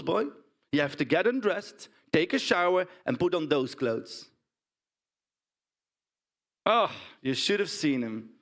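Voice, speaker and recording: An actor with a Dutch accent plays a blunt, indignant pig farmer in a stage monologue, often tagging lines with "huh?" and "right?". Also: male voice, high-pitched. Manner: blunt, animated storytelling with frequent "huh?" and "right?" tags. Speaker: stage performer. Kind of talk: theatrical monologue.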